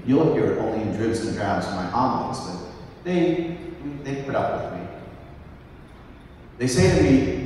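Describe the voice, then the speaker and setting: A middle-aged man preaching a sermon as pastor, telling stories in a conversational, animated way through a microphone in a large church. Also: on the low side, far from the mic, a little hiss or hum. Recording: echoey church picked up from afar.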